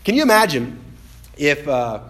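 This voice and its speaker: Male pastor, lively sermon delivery, slightly high voice, acts out quoted lines. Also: normal speed. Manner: animated, acts out quoted voices, swings from loud to hushed.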